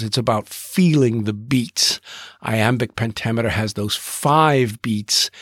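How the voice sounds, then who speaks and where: A man hosting a podcast, narrating in a deliberate way and drawing out rhythms as he explains them. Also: on the low side, a bit bright, dry recording, clean studio sound. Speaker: podcast host.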